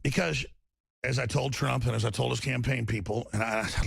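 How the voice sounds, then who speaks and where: A middle-aged male talk radio host from Texas holds forth in a heated, rambling monologue, his voice swinging up and down as he restarts his sentences. He has a heavily gravelly, fried tone with a husky edge. The studio mic sounds close and dry. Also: medium pitch, fairly even intonation, a little fast, a bit bright, dry recording. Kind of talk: impassioned political talk monologue.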